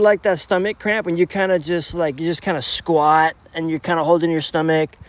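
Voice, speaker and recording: A man's voice: a little high, no echo. Slangy young man telling a storytime. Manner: rambling, slangy, profane, full of restarts. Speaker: storytelling vlogger. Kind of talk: casual storytime monologue.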